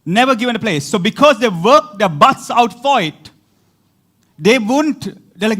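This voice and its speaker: A man preaching a sermon as pastor, animated, repeating words for emphasis and breaking into laughing asides. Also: sits high, moderate pace.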